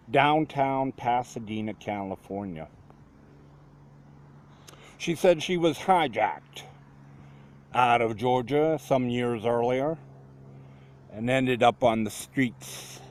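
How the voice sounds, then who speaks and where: A middle-aged man recounts a memory from his own life at a very unhurried pace. His voice sits in an ordinary male pitch, and he pauses and circles back as he thinks. The telling feels plain and conversational. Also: a little mellow. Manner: slow, reflective and conversational. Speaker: storyteller. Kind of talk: personal story narration.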